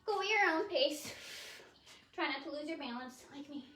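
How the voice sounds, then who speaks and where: A woman instructor leading a home pilates class, counting reps and giving steady, encouraging cues, recorded on a phone. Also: sits high, moderate pace, echoey room, far from the mic, a little hiss or hum. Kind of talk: cueing a home workout class. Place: warehouse studio.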